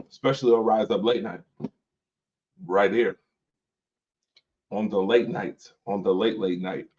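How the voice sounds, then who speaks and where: Chill guy hosting a late nite sports stream, kinda low voice, joking with chat, muffled lo-fi sound. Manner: loose, joking banter, reading comments aloud. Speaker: host of a late-night sports talk show. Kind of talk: casual chat with viewers. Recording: dull lo-fi stream audio.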